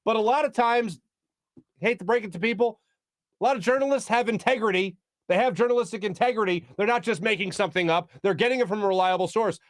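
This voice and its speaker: A man's voice: high voice, fast, no echo. A man hosting a sports talk show, giving casual, sarcastic, opinionated commentary and laughing at his own jokes.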